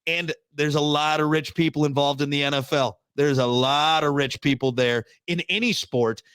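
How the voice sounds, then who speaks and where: A man co-hosting a casual podcast, talking in an animated, ranting way with frequent laughs. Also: fairly high pitch, moderate pace, smooth, dry recording. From Wisconsin. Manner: animated, ranting, mock voices, laughs often. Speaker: podcast co-host. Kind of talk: casual chat.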